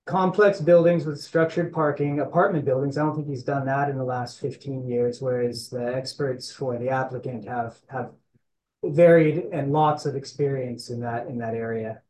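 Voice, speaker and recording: A man with a hoarse voice, an attorney making a legal argument at a hearing, hesitant with many fillers and restarts. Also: mid-range voice, steady tone, normal speed, darkish tone. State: hoarse, coughing from allergies. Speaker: attorney for the applicant. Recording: echoey room, faint background noise.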